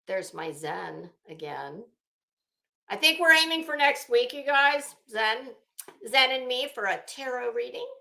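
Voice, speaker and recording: A woman's voice: on the high side, lively intonation, measured pace, gravelly, pushed and bright. A middle-aged woman hosting a casual livestream from her home office, rambling and greeting viewers by name. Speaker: commentary livestream host. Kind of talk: casual livestream chat reading viewer comments.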